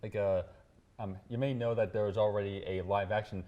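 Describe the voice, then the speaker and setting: A man's voice: on the low side, fairly even intonation, brisk, muffled recording. A man on a casual panel, hesitant and full of filler words.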